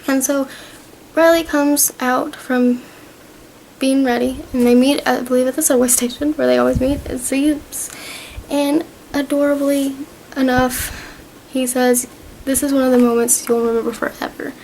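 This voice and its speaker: High-voiced chatty young woman vlogger. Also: steady tone, moderate pace, gravelly, darkish tone, a little hiss or hum, low-quality recording. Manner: chatty and rambling, many fillers and retold dialogue. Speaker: vlogger reviewing a TV season. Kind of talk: casual recap talk to camera.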